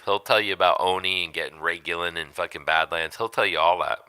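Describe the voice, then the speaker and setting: A man's voice: low-pitched, steady tone, quick pace, bright, forceful tone, clean tone. A middle-aged man hosting a casual livestream from home, telling rambling, profane stories and laughing often. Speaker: livestream host.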